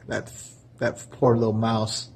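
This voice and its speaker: A man's voice: fairly low pitch, level tone, slow pace, creaky, breathy edge. A man telling a story in a casual, earnest way, keeping his voice down, with many fillers. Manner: soft-spoken, keeping voice down. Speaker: vlogger telling a parable.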